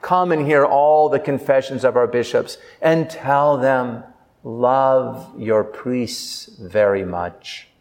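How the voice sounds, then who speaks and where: A priest preaching a sermon with earnest delivery, slowing down for emphasis. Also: male voice, mid-range voice, a little mellow, long reverb tail.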